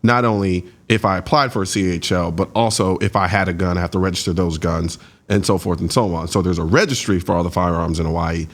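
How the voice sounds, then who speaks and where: A man hosting an interview, asking animated, incredulous questions with frequent restarts. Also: sits low, fast. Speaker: host.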